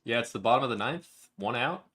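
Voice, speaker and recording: Fast-talking, lively low-voiced male reporter. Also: husky. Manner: dry, self-deprecating humor. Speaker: sports reporter. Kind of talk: casual sports chat.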